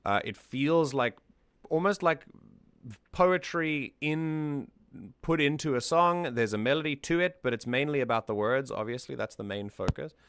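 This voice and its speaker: A man's voice: medium pitch, normal speed, a bit bright, smooth. A man hosting a music analysis stream, talking things through in a thoughtful, casual way and often repeating words as he thinks.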